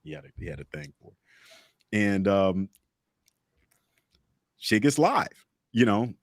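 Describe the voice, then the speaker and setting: A man's voice: lowish voice, big pitch swings, takes it slowly, no room sound, studio quality. A man co-hosting a podcast, telling a profane anecdote in casual chat. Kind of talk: casual storytelling.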